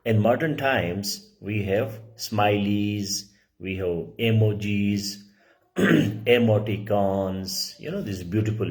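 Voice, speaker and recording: A middle-aged male teacher giving a lecture, explaining slowly, repeating key words and often clearing his throat. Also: deep voice. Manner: slow, repetitive explaining with frequent throat clearing; restates key words for emphasis. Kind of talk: lecture on writing.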